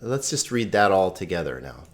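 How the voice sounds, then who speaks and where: A man teaching a recorded Greek lesson, sounding words out slowly syllable by syllable. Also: sits low, big pitch swings.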